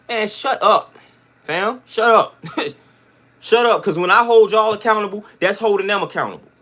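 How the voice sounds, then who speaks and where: A man's voice: sits high, expressive, normal speed, pushed and bright. A man hosting a livestream, ranting to his chat in an emphatic, blunt, slang-heavy way that keeps repeating its points. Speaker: livestream host.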